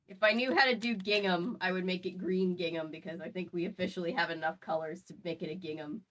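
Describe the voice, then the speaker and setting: A woman's voice: fairly low pitch, moderate pace, fairly bright tone, poor audio. A woman hosting a casual stream chat, rambling along with lots of "like" fillers. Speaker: host.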